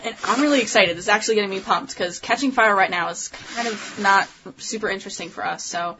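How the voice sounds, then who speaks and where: A woman's voice: mid-range voice, quick pace. A young woman co-hosting a casual entertainment news podcast, chatty and full of fillers. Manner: chatty, with many fillers and restarts. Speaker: podcast co-host. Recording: dull lo-fi sound, faint hiss.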